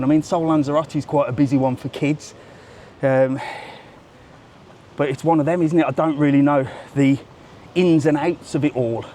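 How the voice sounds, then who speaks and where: A middle-aged man from England hosts a live walkabout stream outdoors, talking into a phone at arm's length. He chats away casually, swears a lot and teases people he meets. His voice sits fairly high, with faint noise behind it. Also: a little mellow. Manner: chatty, swears casually, teasing banter. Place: outdoors by a seafront road and beach.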